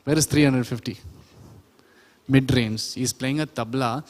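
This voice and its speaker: A man's voice: mid-range voice, steady tone, measured pace. A man teaching a sound production class, chatty and often quizzing his audience. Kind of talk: classroom lecture. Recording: reverberant lecture hall.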